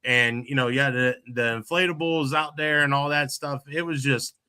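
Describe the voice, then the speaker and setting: A man's voice: mid-range voice, fairly even intonation, normal speed, pushed and bright, smooth. A middle-aged man, hosting a casual podcast chat and rambling with many restarts and fillers. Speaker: podcast host.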